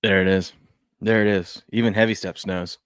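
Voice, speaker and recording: Casual low-voiced man hosting sports talk. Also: steady tone, moderate pace, a bit bright, smooth, dry recording. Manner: rambling, repeats himself, frequent restarts and fillers. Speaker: sports show host.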